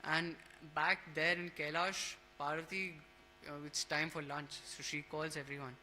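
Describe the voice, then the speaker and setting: A man leading a temple scripture class, telling a devotional story in a casual, halting way, with many fillers and restarts. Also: a little high, level tone, pushed and bright, slight background noise, low-quality recording.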